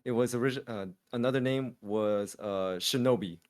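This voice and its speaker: A man's voice: medium pitch, normal speed, a little mellow. A man co-hosting a podcast, telling a long story in casual chat with many fillers and restarts. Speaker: podcast co-host.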